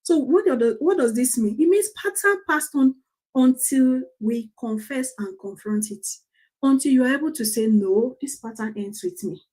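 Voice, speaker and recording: A woman's voice: high-pitched, moderate pace, darkish tone. A middle-aged Nigerian woman, a family coach, telling personal stories in a motivational talk, repeating phrases for emphasis and laughing as she goes.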